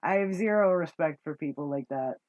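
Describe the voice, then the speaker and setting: A woman's voice: low voice, a little fast, a little mellow, dry recording, highs cut off. A woman telling a story about her flea market booth in a casual monologue, swearing often and rambling with restarts as her exasperation builds.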